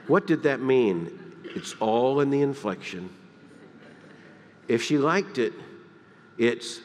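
A man from the Deep South, preaching a sermon, emphatic and swinging between loud peaks and hushed, quiet lines. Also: expressive, unhurried, long pauses, long reverb tail, slight background noise. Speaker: pastor. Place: church sanctuary.

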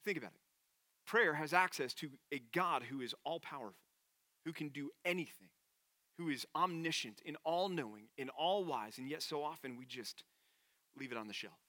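A man preaches a sermon, earnest and conversational. His voice sits a little high and sounds bright. The recording is close and dry. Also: expressive, normal speed, no room sound. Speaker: pastor.

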